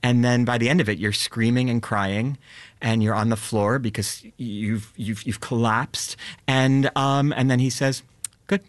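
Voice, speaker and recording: A young man in a dry, close studio sound, talking as an interview guest. He is fast and animated, full of fillers and self-deprecating jokes. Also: medium pitch, no echo. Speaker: actor and filmmaker guest. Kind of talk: casual interview chat.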